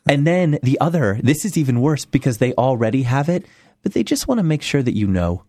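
A man hosting a radio talk show, giving sarcastic, animated commentary in casual banter. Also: medium pitch, a little fast, no room sound, studio quality.

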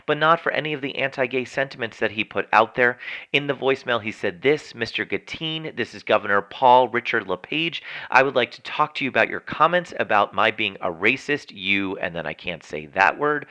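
A man's voice: medium pitch, brisk. A man hosting a news commentary segment, reading stories and adding his own chatty, opinionated remarks. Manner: chatty, editorializing, animated. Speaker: news show host.

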